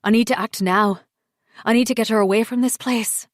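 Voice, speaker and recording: A woman's voice: a little high, fairly even intonation, a little fast, no room sound, studio quality, natural voice. A woman narrator voicing a torn, anguished man who pleads, in her own voice raised with emotion. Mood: pleading.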